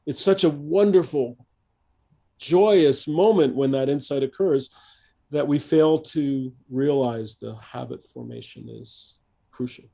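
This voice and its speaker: Mellow-voiced reflective male coach. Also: mid-range voice, gravelly. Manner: thoughtful, halting, with many restarts and fillers. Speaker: executive coach, guest. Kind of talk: reflective podcast interview.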